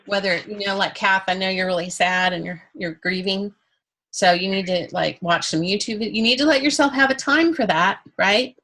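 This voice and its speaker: A woman's voice: mid-range voice, moderate pace, a bit bright. A woman teaching an art class in a casual, chatty way, candid and joking, with playful asides.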